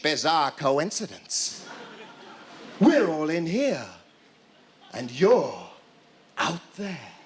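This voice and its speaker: A man's voice: on the high side, a little hiss or hum. A British man doing a zany, rambling stand-up routine on a live TV stage. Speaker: stand-up comedian. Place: TV studio with audience. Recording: echoey live studio, loud audience.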